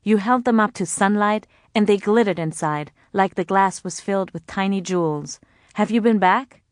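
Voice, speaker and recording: A woman puts on a balding, stooping orphanage director who talks in a gentle, joking, cordial way. The voice sits mid-range and sounds dry and close. He teases warmly. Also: medium pitch, moderate pace, dry recording, lightly acted. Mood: genial. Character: kindly balding middle-aged male orphanage director.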